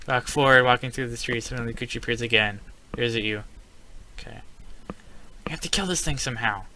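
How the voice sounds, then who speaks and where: A man's voice: mid-range voice, a little fast, sharp tone, slight background noise. A man playing a text adventure game, reading the story aloud in a casual let's-play style and breaking into startled exclamations.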